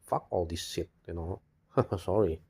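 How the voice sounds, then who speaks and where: Speaking in a low, husky, darkish voice with vocal fry and an unhurried pace, a male video blogger delivers a cynical, bitter personal monologue. He rambles, repeats himself, curses, and keeps saying "you know."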